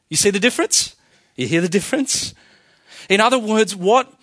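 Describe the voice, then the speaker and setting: A man's voice: high-pitched, animated, brisk, fairly bright tone, dry recording, clean studio sound. A male pastor preaching a sermon to his congregation, emphatic and full of rhetorical questions. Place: church.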